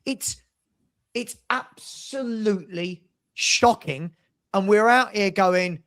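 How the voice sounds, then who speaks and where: A man's voice: high-pitched, slow, fairly bright tone. Male host, fan chat, exasperated ranting delivery. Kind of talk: casual football fan chat.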